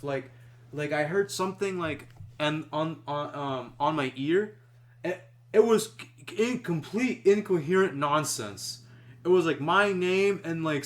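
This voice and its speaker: A young man casually telling a story to friends on a podcast, full of fillers and restarts. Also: a little high. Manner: rambling, many fillers and restarts. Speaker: podcast host.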